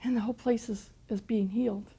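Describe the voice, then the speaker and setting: A woman's voice: fairly high pitch, steady tone, fairly quick, vocal fry, warm tone, slightly rough. Older woman telling a testimony. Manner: storytelling with frequent restarts. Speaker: Christian teacher. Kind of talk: personal testimony talk.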